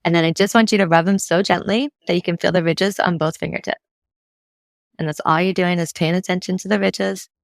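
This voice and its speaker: Low-voiced woman fitness coach explaining. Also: steady tone, fairly quick, gravelly, no room sound. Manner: easygoing, explains step by step with frequent "right?". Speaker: mental fitness coach, guest. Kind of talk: casual interview explanation.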